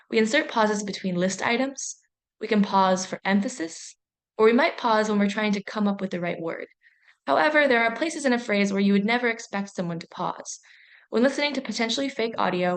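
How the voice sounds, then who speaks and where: A young adult woman presents a university training course in a clear, measured voice. Her pitch sits in the middle range, and she explains each point steadily and carefully.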